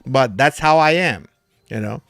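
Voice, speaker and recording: A man's voice: mid-range voice, expressive, measured pace, a bit bright, no echo. A man hosting a crypto livestream in a casual, rambling way, a little tipsy from drinking, calling his viewers brother and man.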